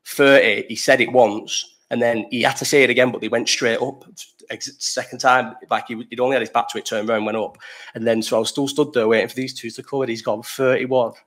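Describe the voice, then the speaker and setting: A man's voice: mid-range voice, steady tone, a little fast, a bit bright. A young man hosting a live chat, rambling through a festival story, swearing freely and breaking off to answer the chat. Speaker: livestream host.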